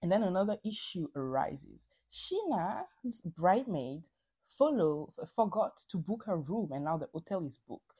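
A woman's voice: lowish voice, very animated, a little slow, mellow, husky. A woman hosting a podcast, recapping reality TV in a casual, opinionated way, swearing freely and acting out quotes. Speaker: podcast host.

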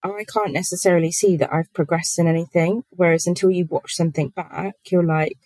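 A woman's voice: lowish voice, steady tone, fairly quick, mellow, no room sound, low-quality recording. A woman, a podcast guest chatting casually, giggly and full of fillers.

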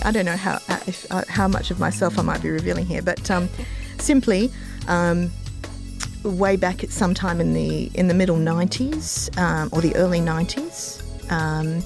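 A woman with an Australian accent, telling personal stories as an interview guest, in a rambling way with many pauses and fillers. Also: lowish voice, creaky. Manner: rambling, warm-hearted anecdotes with many ums. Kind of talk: casual interview storytelling.

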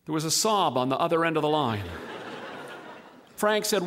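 A man telling a humorous story with wry, deliberate comic timing. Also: a little high, animated, fairly bright tone, big-room sound.

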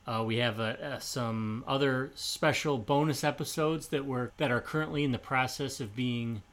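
A man's voice: mid-range voice, normal speed, a bit bright. A man co-hosting a history podcast, speaking in a friendly, joking way with plenty of fillers, recorded in a bar. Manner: friendly, joking, filler-heavy sign-off talk. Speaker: podcast co-host. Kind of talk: casual history podcast chat.

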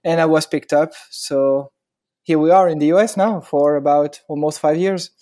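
French man, thirties, warm mellow voice, halting, searching for words, casual interview over a call. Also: on the high side. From France. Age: 30s. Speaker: guest wedding photographer.

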